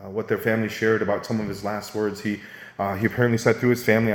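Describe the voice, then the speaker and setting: A man giving an earnest, conversational sermon as a pastor, with animated rises when he gets going. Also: lowish voice, very fast, echoey room.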